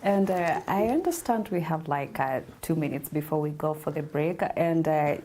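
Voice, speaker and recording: A woman's voice: sits low, expressive, moderate pace, mellow. A woman hosting a live studio talk show, polite and hesitant with many fillers.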